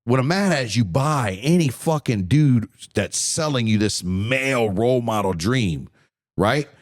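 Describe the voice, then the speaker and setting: A man's voice: medium pitch, animated, unhurried. Blunt, profane man in his forties. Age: 40s. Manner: profane, blunt, heated, repeats words when worked up. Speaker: podcast host. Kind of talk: solo podcast rant.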